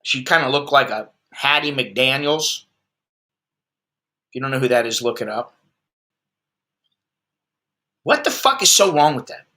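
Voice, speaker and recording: A man's voice: medium pitch, sing-song, unhurried, long pauses, bright, forceful tone. An American man hosting a livestream, ranting about the news in a blunt, sarcastic, heavily profane way. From United States. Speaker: expat livestream host. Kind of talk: ranting commentary.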